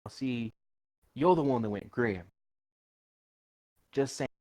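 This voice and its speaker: A man's voice: medium pitch, animated, slow, a little mellow, dry recording. A man playing a character in a tabletop game, easygoing and a little wry. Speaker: player.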